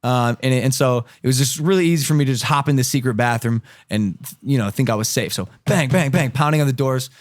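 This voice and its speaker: A man in his twenties, a podcast co-host, telling a story in casual chat, animated and laughing, loudly acting out the people in it. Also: mid-range voice, fairly quick, few pauses, no room sound, studio quality.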